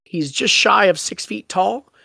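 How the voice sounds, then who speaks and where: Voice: medium pitch, measured pace, vocal fry, bright, forceful tone, no room sound. A podcast host in casual book discussion, retelling scenes with a laugh and quoting lines.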